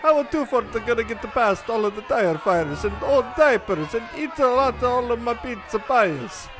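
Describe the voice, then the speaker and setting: A man's voice: extremely high pitch, animated, normal speed, crowd noise, noisy background. A man voicing a townsman who puts on a broad, overdone Italian accent and broken English in an amateur fan dub. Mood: indignant. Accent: put-on Italian. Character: male townsman faking a broad Italian pizzeria owner.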